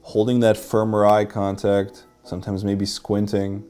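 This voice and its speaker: A man's voice: lowish voice, completely flat delivery, measured pace, warm tone, soft background music. A man teaching a workshop as a dating coach, explaining and demonstrating how to deliver lines.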